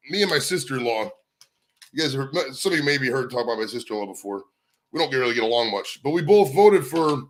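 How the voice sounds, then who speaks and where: Streamer host: man from the States, bright forceful voice, profane rambling chat. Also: on the high side. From United States. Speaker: livestream host. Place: his home.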